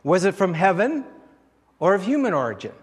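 A man's voice: high voice, sing-song, brisk, breathy edge, in a large hall. A man preaching a sermon in a conversational way, putting rhetorical questions to the congregation. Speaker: pastor.

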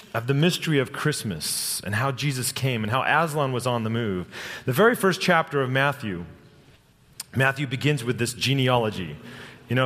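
A middle-aged man preaching a sermon, telling personal stories in an earnest way and slowing down for dramatic lines. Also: medium pitch, a bit bright. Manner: earnest, personal storytelling with dramatic slow-downs. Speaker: pastor. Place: church sanctuary. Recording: long hall reverb.

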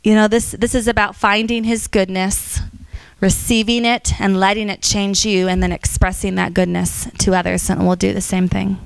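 A woman leads an evening church class, telling stories and acting out the people in them with lifted, lively voices. Her tone is smooth and clear, at a middle pitch. The sound is dry and close. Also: normal speed, dry recording. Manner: storytelling, animated quotes, frequent fillers. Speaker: Bible class teacher. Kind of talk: informal church teaching.

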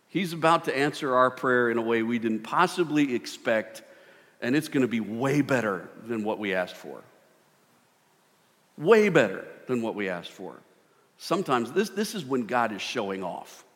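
A middle-aged man preaching a sermon, animated, swinging from loud bursts to hushed tones. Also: medium pitch, a little slow. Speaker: pastor. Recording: long hall reverb.

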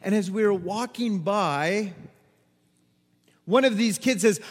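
A man preaching a sermon as a pastor, telling a personal story with animated delivery, acting out quotes and laughing at himself. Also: sits high, unhurried, in a large hall.

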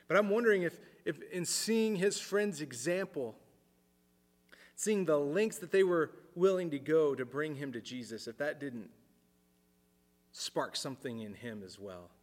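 A man preaching a sermon in an earnest way, repeating words as he thinks aloud and dropping his voice low for emphasis. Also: lively intonation, measured pace, big-room sound. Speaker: pastor.

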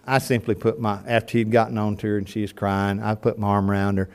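An older man preaching a sermon to his congregation, telling folksy stories and swinging between loud and soft. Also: on the low side, level tone, fast talker, clear, resonant tone. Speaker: pastor. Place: church sanctuary before a congregation.

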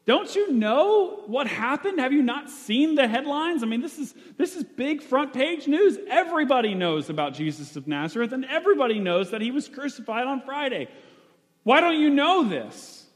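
A man voicing a frustrated, grieving male disciple who asks incredulous questions in strained, high exclamations. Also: sing-song, moderate pace. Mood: exasperated. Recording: long hall reverb.

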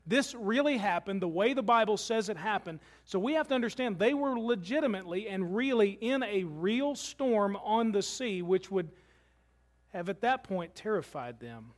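A man's voice: high voice, lively intonation, moderate pace. A male pastor delivering a conversational sermon to his church, mixing scripture reading with humorous asides.

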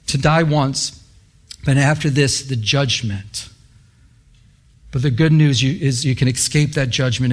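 A pastor telling a story in a sermon, quoting scripture, lively at times and hushed at others. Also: male voice, medium pitch. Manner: animated, quotes scripture, drops to hushed intensity.

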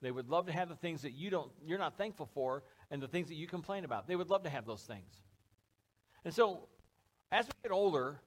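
Joking, conversational pastor with a higher voice. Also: male voice, a bit bright. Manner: conversational, joking, acts out little scenes. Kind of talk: sermon. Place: church service before a live congregation.

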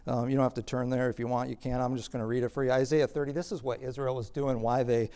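A pastor preaches a sermon, a man with a medium-pitched voice. He explains scripture in an easy, conversational way, then rises into loud, emphatic preaching. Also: flat delivery, fast, clear, resonant tone.

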